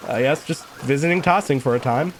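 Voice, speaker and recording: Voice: medium pitch, brisk, a little hiss or hum, lightly acted. A streamer voicing a polite, formal male artist with a put-on German accent. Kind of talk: game dialogue read aloud.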